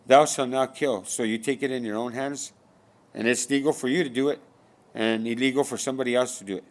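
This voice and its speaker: A man's voice: medium pitch, fairly even intonation, fast. Man preaching in profane rhetorical questions. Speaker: spiritual speaker. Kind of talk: rambling spiritual monologue.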